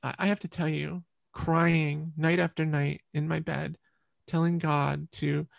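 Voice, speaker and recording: Gravelly-voiced woman telling a personal story. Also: sits low, level tone, unhurried, dry recording. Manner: earnest, repeats words while recalling. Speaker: interview guest.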